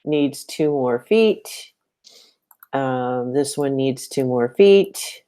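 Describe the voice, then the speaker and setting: A middle-aged woman teaching poetry, recording spoken feedback for a student in a relaxed conversational way, filling pauses with "um" and tapping out meter aloud. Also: very deep voice. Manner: conversational, many "um"s, reads lines aloud and taps out meter.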